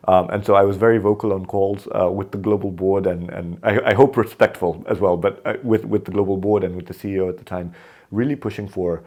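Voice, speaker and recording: A man's voice: sits low, fairly quick. A man from Kenya, a podcast guest, telling stories in a conversational interview and acting out the dialogue in them. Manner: animated, acts out quoted dialogue in his stories.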